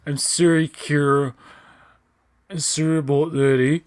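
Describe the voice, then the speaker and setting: A man's voice: on the high side, flat delivery, measured pace, smooth, natural voice. A man putting on an exaggerated Canadian accent, playing a chummy, apologetic fellow who tacks "eh" onto everything. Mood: jokey. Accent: put-on exaggerated Canadian. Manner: jokey, cartoonish, overdoing every "eh".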